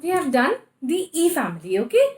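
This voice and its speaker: A woman with an Indian English accent, her high-pitched voice making huge pitch swings, gives a slow kindergarten phonics lesson. She spells each word letter by letter and asks questions only to answer them herself, recorded in an echoey room.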